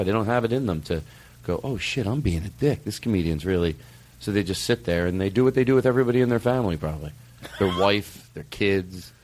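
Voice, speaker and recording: A middle-aged man hosting a casual comedy podcast, telling stories animatedly, swearing freely and acting out quoted lines. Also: medium pitch. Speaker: podcast host.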